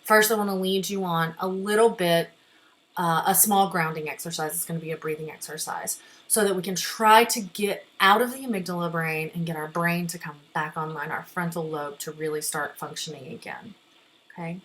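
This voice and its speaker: Gentle woman therapist, low voice. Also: moderate pace, poor audio. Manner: gentle, reassuring, checks in with "okay?". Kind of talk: guided therapy lesson.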